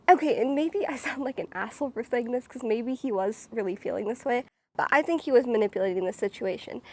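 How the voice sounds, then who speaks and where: A young woman telling a personal story on her vlog in an animated, dramatic way, full of "like"s. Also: a little high. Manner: animated, dramatic, many filler "like"s. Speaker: vlogger. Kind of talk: casual storytime.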